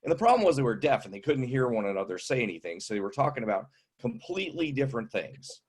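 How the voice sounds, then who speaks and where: A man in his fifties doing stand-up comedy with wry, deadpan setups. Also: mid-range voice, quick pace, breathy edge. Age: 50s.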